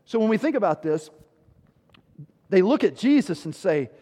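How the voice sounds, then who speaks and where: High-voiced pastor preaching emphatically. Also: male voice, very animated, normal speed, dark tone, long reverb tail. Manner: emphatic, with rhetorical questions and sudden drops in volume. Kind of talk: sermon.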